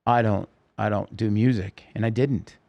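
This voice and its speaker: A middle-aged man telling a story as a podcast guest, lively and acting out the voices of the people he quotes. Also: lowish voice, normal speed, gravelly, lo-fi sound. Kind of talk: casual storytelling interview.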